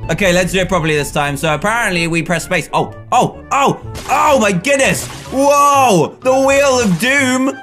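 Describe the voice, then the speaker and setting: A man giving excitable gameplay commentary, laughing often and bursting into shouts as he plays. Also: sits high, a little slow, faint music behind. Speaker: gaming commentator.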